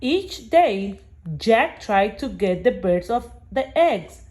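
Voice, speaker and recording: A woman reading a picture book aloud in a slow, expressive, sing-song manner. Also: a little high. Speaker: storybook reader. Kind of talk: storybook read-aloud.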